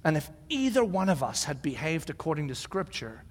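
A man in his forties preaches with a high, bright voice, telling stories with lively energy and acting out what people said. His words ring through a hall with a long reverb trail. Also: a little fast, breathy edge. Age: 40s. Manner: animated storytelling, acts out shouted quotes. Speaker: pastor. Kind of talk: sermon.

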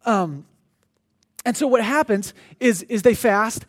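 A man pastor delivering a sermon in a conversational, animated storytelling manner. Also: sits high, slow.

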